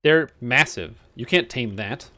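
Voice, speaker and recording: A man's voice: mid-range voice, expressive, a little slow, pushed and bright. A young Canadian man streaming a game, with a Canadian accent, rambling and joking in casual, self-mocking commentary.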